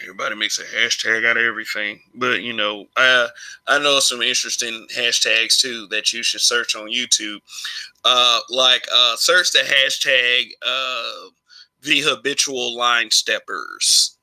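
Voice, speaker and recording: A man's voice: medium pitch, steady tone, slow pace, sharp tone, low-quality recording. A man from Alabama giving his opinions in a casual vlog monologue, rambling, restarting phrases and chuckling often. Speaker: vlogger.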